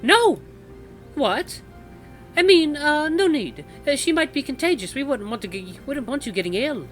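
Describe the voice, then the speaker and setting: Flustered young man, stammering and jumpy, pitch leaping around, as a man plays him. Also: lively intonation, normal speed, fairly bright tone, soft background music. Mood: panicked. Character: flustered young man covering for his girlfriend.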